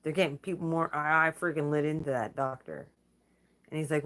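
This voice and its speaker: A woman's voice: sits low, steady tone, fairly quick. A woman hosting her own channel, talking in a blunt, profane, casual vlog rant and laughing between remarks. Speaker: channel host.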